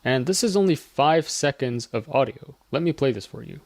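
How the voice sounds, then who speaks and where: A man hosting a casual software tutorial, explaining each step as he clicks through it. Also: medium pitch, animated, moderate pace, no echo. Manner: chatty, explains steps as he clicks. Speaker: tutorial host.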